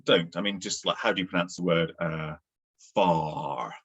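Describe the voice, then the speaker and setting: A man's voice: low voice, steady tone, fairly quick, pushed and bright, slightly rough, highs cut off. A man from England with a Southern English accent, co-hosting a casual, discursive chat with frequent fillers. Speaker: podcast co-host. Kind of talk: casual conversation.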